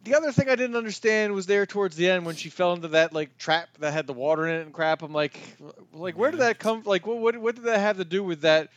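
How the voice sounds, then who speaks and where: Easygoing high-voiced man co-host. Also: fast talker, few pauses, dry recording, muffled recording. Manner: easygoing, casual recounting with frequent fillers. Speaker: podcast co-host. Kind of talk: casual chat.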